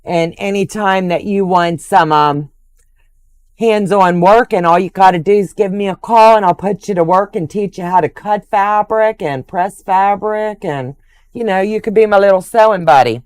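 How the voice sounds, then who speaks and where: A woman's voice: medium pitch, normal speed, darkish tone, clean tone, no room sound. An older woman hosting a quilting livestream, chatting casually and gushing affectionately over viewers' comments.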